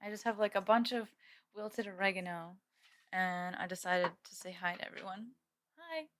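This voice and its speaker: A woman's voice: mid-range voice, moderate pace, fairly bright tone. A young woman live-streaming from home, chatting casually with viewers and laughing often. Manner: giggly, chatty, reads chat aloud.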